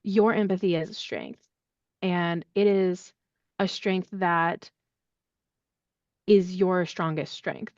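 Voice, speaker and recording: A woman answering in a podcast interview, talking in an animated, chatty way with lots of fillers. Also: lowish voice, clear, resonant tone, dry recording, dull audio. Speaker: accessibility services head, podcast guest.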